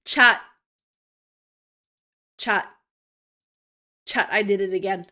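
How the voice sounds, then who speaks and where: A woman streamer plays a game while chatting casually with her viewers, rambling and giggling through asides. Her voice is fairly high-pitched and fairly bright, with a slow pace.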